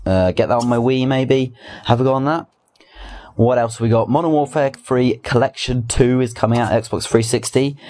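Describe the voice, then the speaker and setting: A man's voice: medium pitch, normal speed, darkish tone. A young man hosting a casual weekly gaming news roundup, chatty and rambling, with restarts and asides. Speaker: gaming video host.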